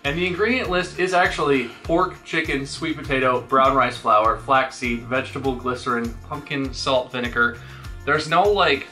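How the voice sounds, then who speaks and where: A man's voice: medium pitch, normal speed, bright, forceful tone, faint music behind. A man co-hosting a casual unboxing video, chatting playfully and coaxing his dog along. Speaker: co-host unboxing a dog subscription box.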